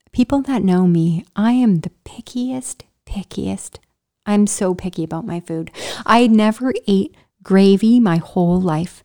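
A middle-aged woman telling a personal story in an animated vlog style, laughing often and dropping into whispers for emphasis. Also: on the low side. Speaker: vlogger.

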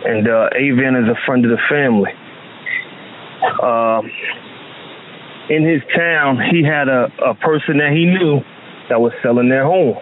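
A man's voice: mid-range voice, a little slow, pauses often. A man from New Jersey talking casually and emphatically on a phone call, with many restarts. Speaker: phone guest. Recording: tinny phone line with faint hiss.

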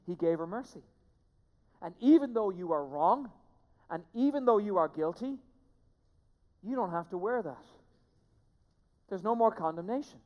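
Pastor, sermon, emphatic, repeats key phrases, hushed to loud, church sanctuary, long echoing reverb. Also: mid-range voice. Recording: long reverb of a large hall.

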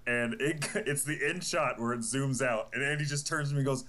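Male co-host with a forceful bright tone who laughs and tells stories. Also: medium pitch, fairly quick. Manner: laughing, storytelling, questioning. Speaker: podcast co-host. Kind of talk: casual chat.

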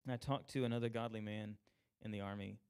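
A young man telling a personal faith testimony, animated and self-mocking, acting out the people he quotes. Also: on the low side, quick pace, clean tone. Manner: animated, acts out quoted voices, laughs at himself. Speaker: speaker sharing a personal testimony. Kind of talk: storytelling testimony.

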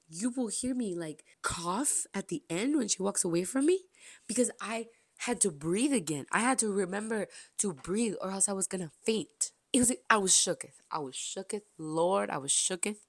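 A young woman hosting a podcast, telling a story with gushing, dramatic delivery, repeating phrases and swinging between loud exclamations and hushed asides. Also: mid-range voice, no room sound, studio quality. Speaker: podcast host. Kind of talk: excited storytelling to listeners.

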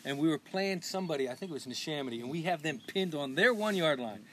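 Fast-talking high-voiced man telling stories. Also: slight background noise. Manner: animated, quick, acts out quoted coaches, swears freely. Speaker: podcast host. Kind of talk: casual storytelling among old friends.

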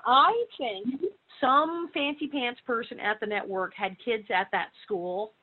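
A woman, a guest author, telling stories in a casual interview, animated and laughing as she acts out the people in them. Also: fairly high pitch, a little slow. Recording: phone-like narrow sound.

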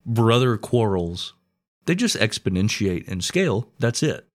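Low, lively podcast co-host man. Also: measured pace. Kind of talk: casual chat.

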